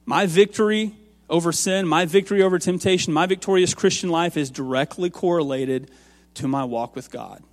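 A man on a church's music staff, preaching an earnest sermon that moves from quiet asides to raised, emphatic lines. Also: fairly high pitch, moderate pace, in a large hall.

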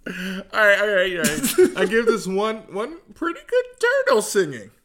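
Lively, bright-voiced joking podcast host. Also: male voice, high voice. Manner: joking, animated, quick banter. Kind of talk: casual comedic chat.

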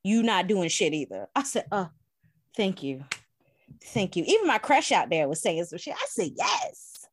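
A woman in casual podcast chat, telling an animated, profane story with plenty of laughs. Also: fairly low pitch, normal speed, no echo. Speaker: podcast co-host.

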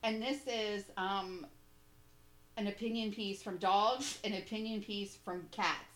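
A woman co-hosting a casual podcast chat, reacting quickly and giggling a lot. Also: mid-range voice, fairly even intonation, fairly bright tone, reverberant. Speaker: co-host.

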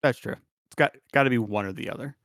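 Man, podcast co-host, mid-pitched, rambling casual talk, dry close sound. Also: fast, a bit bright, no echo. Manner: rambling, laughs at himself. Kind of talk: casual sports chat.

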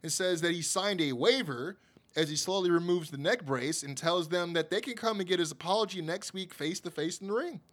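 Guy with a fairly high voice running thru a wrestling recap, loose and chatty, lots of uh and you know. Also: fairly quick, fairly bright tone. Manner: chatty, full of fillers, laughs at his own jokes. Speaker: podcast host. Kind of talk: casual wrestling show recap.

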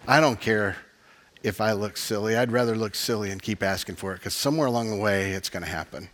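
A man's voice: lowish voice, fast. A man, a pastor, preaching earnestly and closing in a heartfelt prayer. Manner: earnest, impassioned preaching with soft laughs.

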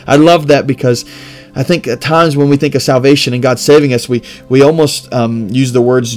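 A man's voice: medium pitch, steady tone, moderate pace, darkish tone, faint music behind. A man hosting a devotional podcast, reading scripture and reflecting in an earnest manner with emphatic repetition.

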